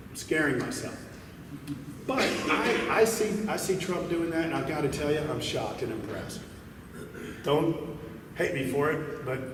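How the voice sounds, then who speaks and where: A man's voice: on the high side, distant mic, noisy background. Man speaking in an echoey hall. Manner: folksy storyteller, animated in the joke. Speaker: conference speaker. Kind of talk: keynote talk with jokes. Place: large conference hall.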